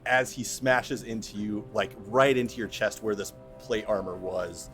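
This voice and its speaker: Low-voiced man running a tabletop game. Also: measured pace, music in the background. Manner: laughs often, easygoing rulings. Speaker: game master.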